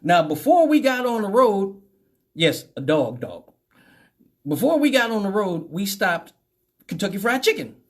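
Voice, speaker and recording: A middle-aged man tells a wild story on his radio show, his voice high and bouncing all over the place. He swears freely and keeps breaking into laughter. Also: measured pace, pauses often. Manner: animated, profane, laughing often. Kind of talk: comic storytelling.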